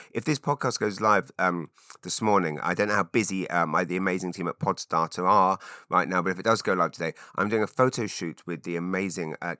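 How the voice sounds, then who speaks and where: A man's voice: sits low, pushed and bright, no echo, studio quality. A British man in his forties from England, hosting a solo podcast in a rambling, self-deprecating way full of fillers and restarts. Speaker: podcast host.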